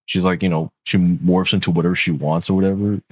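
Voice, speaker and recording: A man with a low voice talks through a movie recap in a loose, slangy ramble, full of fillers and an occasional curse. His mic is close and dry, with a dull, lo-fi sound. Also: flat delivery, quick pace, husky, dry recording. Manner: loose slangy talk, many fillers, swears when exasperated. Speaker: movie reviewer. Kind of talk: casual rambling film recap.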